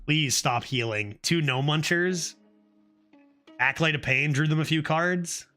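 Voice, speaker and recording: A man's voice: a little high, unhurried, faint music behind. A man streaming a card game, commenting casually, often mocking himself and pleading with the game. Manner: animated, self-mocking, exclaims and pleads at the game.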